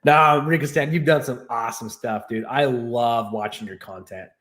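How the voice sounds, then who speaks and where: On a livestream from his new home in Texas, a male streamer and host chats casually, rambling and laughing his way through stories. His mid-range voice has a fairly bright tone and moves at a normal speed.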